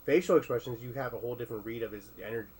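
A man's voice: medium pitch, very fast, darkish tone, a little hiss or hum, poor audio. Rambling man in casual talk. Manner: rambling, frequent restarts and fillers, swearing. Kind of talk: casual discussion.

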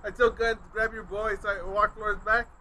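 A man casually telling a profane, animated story among friends, acting out what others said. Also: sits high, moderate pace, slight background noise, poor audio. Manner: profane, animated, acts out quotes. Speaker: podcast co-host telling a story.

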